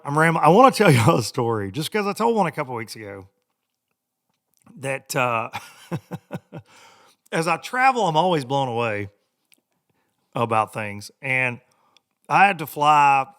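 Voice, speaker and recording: A middle-aged man, hosting a podcast and telling a rambling story, laughing often and doing loud mocking voices. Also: mid-range voice, smooth. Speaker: podcast host. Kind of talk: casual storytelling monologue.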